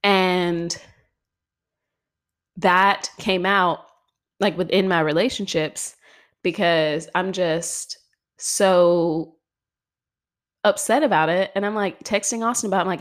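A woman's voice: on the low side, measured pace, long pauses. A young woman hosting a podcast, talking casually in a chatty, exasperated way with lots of filler words. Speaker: podcast host. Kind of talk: casual solo podcast monologue.

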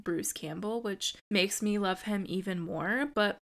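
A woman's voice: mid-range voice, measured pace. A woman co-hosting a podcast in casual chat, enthusiastic, swearing and saying "like" a lot. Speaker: podcast co-host.

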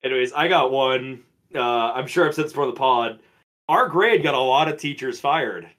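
Brisk and medium-pitched, a podcast co-host in his twenties shares school stories in casual chat. He's animated and profane, swearing freely and mimicking the people in his stories.

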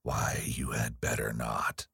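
A man voicing a dying, malicious old nobleman who speaks slowly in a menacing half-whisper. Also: extremely low pitch, big pitch swings, husky, no room sound, studio quality, exaggerated voice. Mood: whispered menace. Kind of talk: audiobook reading.

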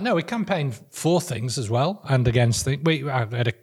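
A man's voice: mid-range voice, lively intonation, moderate pace, husky. A middle-aged man from the north west of England co-hosting a casual political podcast, chatty and laughing as he tells stories. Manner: chatty, laughs while telling anecdotes. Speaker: podcast co-host.

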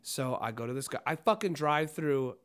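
A man's voice: mid-range voice, lively intonation, normal speed, a bit bright. A young man co-hosting a podcast, telling a long story in a rambling, profane way full of "like" fillers. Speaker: podcast co-host. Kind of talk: casual storytelling chat.

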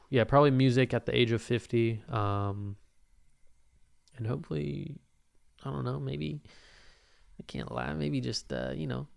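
A young man hosts his own podcast, rambling casually into a microphone and swearing freely in a laid-back way, often laughing. His mid-range voice is gravelly, with fairly even intonation and a measured pace, and he pauses often. It's a casual solo podcast monologue.

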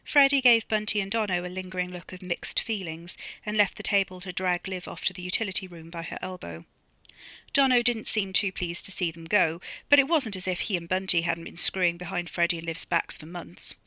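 A woman reads her own novella aloud, brisk and dry in delivery. Her voice sits slightly low but sounds very bright, recorded close in a dead, dry space. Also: no echo. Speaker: author reading her novella. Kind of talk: audiobook narration.

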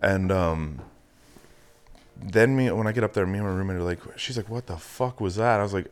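A man's voice: low voice, fairly quick, clear, resonant tone, faint music behind. A Canadian man hosting a casual podcast, retelling a story with lots of swearing and quoted voices. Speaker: podcast host.

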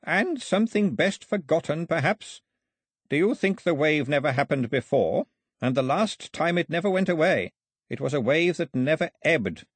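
A man doing a suspicious old island priest. He talks in a husky, clipped, lecturing way and lets his pitch swing with scorn. The sound is close and dry. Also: lively intonation, normal speed, no echo. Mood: grave.

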